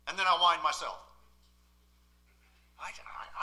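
A male pastor preaching a sermon from the pulpit in a church, swinging between loud emphatic outbursts and quiet asides. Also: sits high, expressive, unhurried, long pauses.

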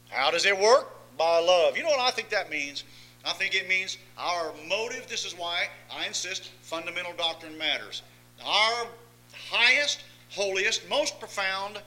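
Bright-voiced preacher man. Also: high voice, lively intonation, a little slow, low-quality recording. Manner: dramatic swings between soft asides and raised emphatic lines; folksy, asks listeners if they follow. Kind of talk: sermon.

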